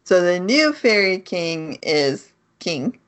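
A woman on a podcast summing up a series at an unhurried pace. Her voice moves expressively up and down while she explains, and she laughs often. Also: fairly low pitch, big pitch swings, a bit bright. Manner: recaps plots, laughs often. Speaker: podcast co-host. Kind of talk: casual chat.

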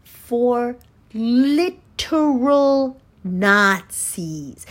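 Brief: a woman with a high voice who speaks deliberately, profane and scornful in a political rant to camera. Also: lively intonation, slightly rough. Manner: profane, scornful, lecturing the viewer directly. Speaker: political commentator.

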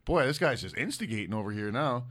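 A man co-hosting a podcast, loud and profane, rambling through fan questions. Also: mid-range voice, big pitch swings, fast talker. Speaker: podcast co-host. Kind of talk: casual chat, reading fan questions.

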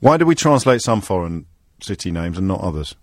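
A man's voice: sits low, sing-song, a little fast, no echo. Give me a man hosting a radio phone-in, bouncing all over his range as he teases callers, heard dry and close. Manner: playful, teasing, stammering restarts. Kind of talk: live radio phone-in chat. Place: radio studio. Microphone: studio microphone.

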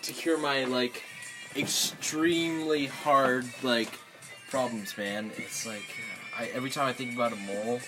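A man's voice: mid-range voice, steady tone, measured pace, over music. A young man rambling and stammering through goofy improvised role-play with friends, taking on a mock-menacing tone.

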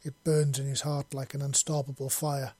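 In a storybook reading, a man plays a haunted alien judge full of regret, pleading in a broken tone. The voice stays husky and mellow, with little rise or fall. The recording is close and dry. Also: medium pitch, little pitch movement, moderate pace, no echo, natural voice. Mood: remorseful.

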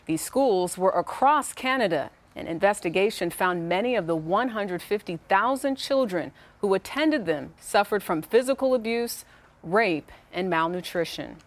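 Measured woman news reader. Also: mid-range voice, expressive. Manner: measured, formal delivery. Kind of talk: news report.

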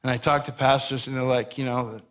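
A man's voice: medium pitch, little pitch movement, fairly quick. A man preaching a sermon as pastor, earnest and conversational, telling stories on himself with a self-deprecating touch.

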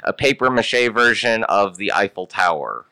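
Podcast co-host, male; crisp, bright voice, animated and profane. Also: fairly low pitch, normal speed, no echo. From Houston area, Texas. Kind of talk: casual chat.

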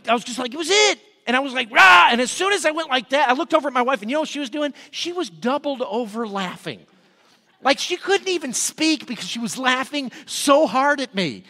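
Man, pastor, high voice, casual sermon storytelling, long reverb. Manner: casual storytelling with lively acted-out moments. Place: church sanctuary.

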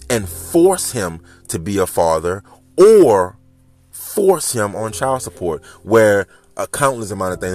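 A man in his thirties hosting a casual podcast monologue, talking in an animated, rambling way straight to his listeners. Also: fairly low pitch. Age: 30s. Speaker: podcast host. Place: home, smoking while recording.

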